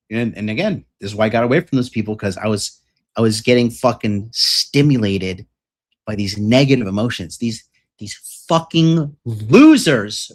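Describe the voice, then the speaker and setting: Male coach, combative profane rant, boastful, average pitch. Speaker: dating and success coach. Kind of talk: ranting monologue.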